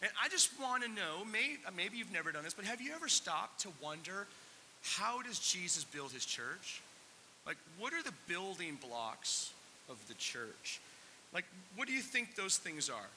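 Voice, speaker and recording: A pastor in a church sanctuary gives a conversational sermon, putting questions to the congregation and at times nearly in tears. His high voice is sing-song and sharp, at a moderate pace, with long hall reverb and faint hiss on the recording.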